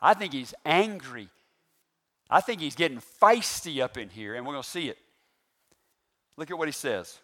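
A man preaching a sermon, animated and full of rhetorical questions to the congregation. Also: fairly high pitch, moderate pace, long pauses. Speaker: pastor.

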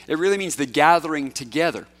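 A male pastor in a church sanctuary, preaching a sermon with a slightly high voice. He keeps it conversational and easygoing, and he coaxes the young people up front in a playful way. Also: expressive, fast talker, a bit bright. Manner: conversational, coaxing and playful with children.

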